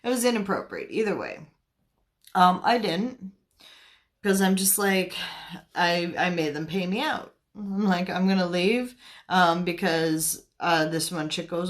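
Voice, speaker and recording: A woman's voice: fairly low pitch, animated, measured pace. A young woman from Canada hosting a spiritual livestream, chatting casually in a giggly, scattered way and answering her viewers' comments.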